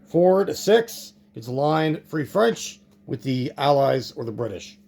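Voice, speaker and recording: A man's voice: a little high, lively intonation, a little slow, gravelly, a little mellow. A man narrating his own board game play-through, thinking aloud and reacting to dice rolls.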